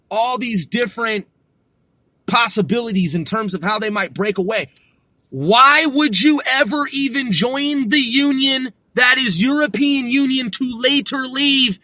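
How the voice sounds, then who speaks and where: A man's voice: very high-pitched, bright, forceful tone, no room sound. A man delivering a profane, heated political rant, swearing constantly. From United States.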